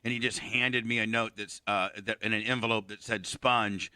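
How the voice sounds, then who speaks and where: A man's voice: lowish voice, steady tone, moderate pace, bright, forceful tone, smooth, no echo. A man hosting a radio show, telling a crude story in blunt casual banter.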